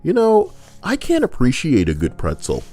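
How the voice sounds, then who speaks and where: A man's voice: on the high side, wildly swooping pitch, moderate pace, dark tone, soft background music. A man reading out Reddit posts and riffing on them in casual, sarcastic, crude commentary that wanders into rambling asides.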